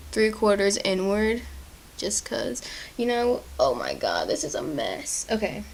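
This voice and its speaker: Chatty young woman with gravelly fry. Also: medium pitch, slight background noise, poor audio. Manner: chatty, self-deprecating, apologetic. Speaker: beauty vlogger. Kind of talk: casual makeup tutorial chat.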